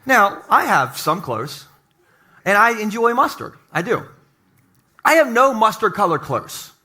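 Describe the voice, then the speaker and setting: A man's voice: high-pitched, big pitch swings, unhurried, sharp tone. A middle-aged male pastor giving a humorous, conversational sermon to his congregation in a church. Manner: joking, conversational, talks to the congregation.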